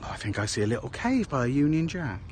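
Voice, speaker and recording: A man's voice: mid-range voice, big pitch swings, fast talker, darkish tone, a little hiss or hum. A man talking casually as he walks through a small town outdoors, rambling and tacking "eh?" onto his remarks. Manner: rambling chatter with tag questions. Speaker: vlogger. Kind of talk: casual walking vlog.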